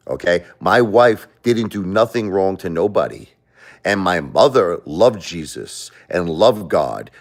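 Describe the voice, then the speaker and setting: Deep-voiced man ranting to a livestream. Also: lively intonation, a little slow. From United States. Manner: blunt, confrontational, emotional. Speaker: livestream host. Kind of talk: livestream rant.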